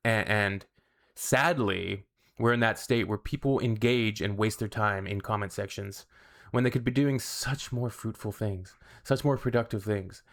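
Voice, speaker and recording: A man's voice: on the low side, unhurried, vocal fry. A man hosting a reaction channel, chatting casually with wry, sarcastic asides. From Canada.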